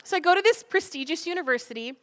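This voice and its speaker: A woman's voice: extremely high pitch, lively intonation, fast talker, fairly bright tone. A woman giving a motivational talk, telling her story animatedly and acting out the dialogue with laughs. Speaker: cookbook author and speaker.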